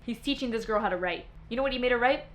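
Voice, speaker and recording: A young woman vlogging casually to camera, her voice sitting a little high. She talks in a gushing, theatrical way, swooning and exaggerating as she goes. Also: very fast, a bit bright. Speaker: book vlogger.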